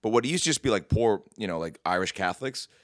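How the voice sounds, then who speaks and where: A man's voice: on the low side, animated, fast talker, dry recording, studio quality. A man co-hosting a podcast in casual chat, wry and joking, with stumbling restarts. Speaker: podcast co-host.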